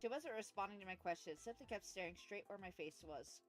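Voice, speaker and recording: A woman streamer reads game lines and jokes with her chat, cursing freely between loud reactions. Her mid-height voice swings a lot in pitch, and soft music plays underneath. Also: fairly quick. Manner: joking, swears freely, lively reactions. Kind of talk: casual gameplay commentary.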